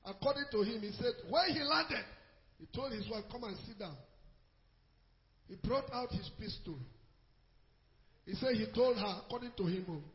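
A man preaching a sermon, telling a story that moves between loud exhortation and low, quiet narration. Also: normal speed, long pauses, long reverb tail, lo-fi sound. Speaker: pastor.

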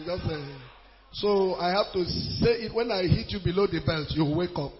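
A man preaching a sermon as an evangelist, shouting and chanting in a sing-song way. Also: sits high, moderate pace. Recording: dull lo-fi recording.

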